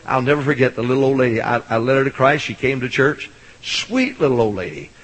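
A middle-aged man preaching a sermon as a Baptist pastor, swinging from loud hollering to soft storytelling. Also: mid-range voice, steady tone, fast talker, poor audio.

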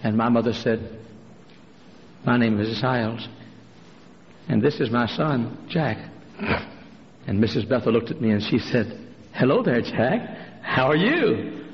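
A man preaches a fiery sermon from the pulpit, his voice gravelly and worn. It sounds dull and lo-fi, with a long hall reverb and faint noise behind it. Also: fairly even intonation, unhurried, long pauses. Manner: fiery preacher, jumps to a high strained voice for quoted women. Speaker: pastor. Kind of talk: sermon with acted-out stories. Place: large church.

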